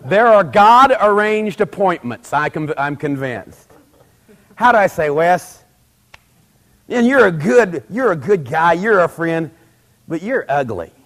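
Middle-aged male preacher, fairly high voice, chatty delivery that swells to forceful emphasis, voices the people in his stories. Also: animated, takes it slowly. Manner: conversational, building to loud emphatic peaks, acts out quoted dialogue. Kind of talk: sermon.

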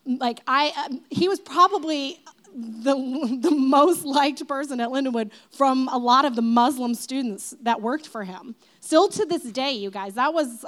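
A woman in her thirties talking casually, chatty and quick to laugh, with lots of fillers. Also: high-pitched, a bit bright. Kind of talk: casual talk.

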